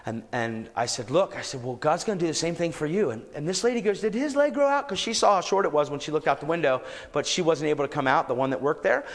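A man preaching and telling a testimony story, growing animated and shouting at times. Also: a little high, fast, hardly any pauses, big-room sound. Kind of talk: storytelling sermon.

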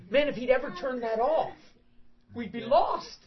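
A middle-aged man preaching a sermon, telling stories in an animated way with bursts of shouting and laughter. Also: high voice, normal speed. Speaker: pastor. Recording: dull lo-fi sound.

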